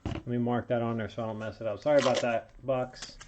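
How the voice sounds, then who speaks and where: A man's voice: mid-range voice, little pitch movement, quick pace, a little mellow, dull audio, slight background noise. A man hosting a card break, chatting casually as he calls out each card he pulls and sounding a little under the weather. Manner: running play-by-play of pulls, chatty asides. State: feeling unwell. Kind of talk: casual card-opening commentary.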